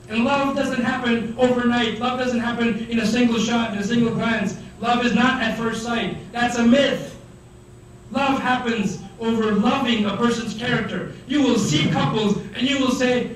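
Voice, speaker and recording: A man giving a religious lecture to students, animated, acting out the voices of the people he describes. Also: extremely high pitch, normal speed. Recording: echoey hall, mic far off, faint noise.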